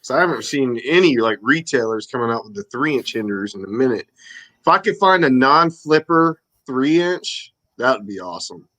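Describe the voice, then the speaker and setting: A man's voice: mid-range voice, animated, moderate pace, fairly bright tone. A man in his thirties co-hosting a casual chat, joking, swearing and laughing often. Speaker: co-host.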